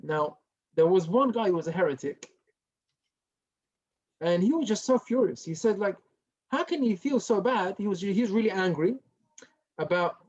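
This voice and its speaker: A male rabbi giving a Torah lesson as a story, lively and dropping to a hush for the dramatic parts. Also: high voice, muffled recording. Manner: animated storyteller who drops to a hushed tone for dramatic parts.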